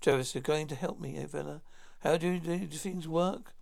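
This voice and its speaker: A man's voice: on the high side, fairly even intonation, moderate pace, vocal fry, darkish tone. A man reading a cruel villain commander. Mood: menacing.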